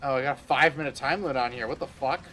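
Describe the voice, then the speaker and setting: A man's voice: medium pitch, fast talker, bright, forceful tone, a little hiss or hum. A man giving casual gameplay commentary, crude and joking, swearing often. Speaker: game streamer.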